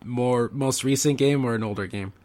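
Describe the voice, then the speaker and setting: A man's voice: mid-range voice, normal speed, a little mellow. A man co-hosting a casual podcast, easygoing and a little hesitant. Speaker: podcast co-host.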